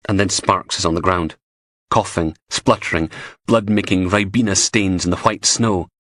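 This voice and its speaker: A man's voice: deep voice, normal speed, a bit bright, no room sound, clean studio sound. A man narrating a crime audiobook in a gritty, profane, darkly comic manner.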